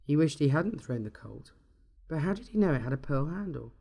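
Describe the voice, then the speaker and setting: A man reading a dark short story aloud in a steady, measured storytelling manner. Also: a little high, vocal fry, breathy edge. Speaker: narrator.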